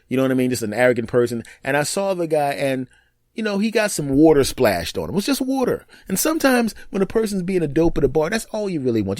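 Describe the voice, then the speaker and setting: A man hosting his own comedic podcast, telling stories in an animated way and laughing at his own jokes. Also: medium pitch, no room sound, clean studio sound. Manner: animated storytelling with laughs and mock voices. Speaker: podcast host. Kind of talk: solo comedic podcast monologue.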